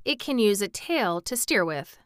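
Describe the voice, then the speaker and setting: Woman reader voicing a thoughtful scarecrow, explains patiently, crisp and bright. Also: mid-range voice, sing-song, measured pace, dry recording, studio quality. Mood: reasoning. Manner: reasoning, explaining. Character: thoughtful, reasoning male scarecrow. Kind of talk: storybook reading.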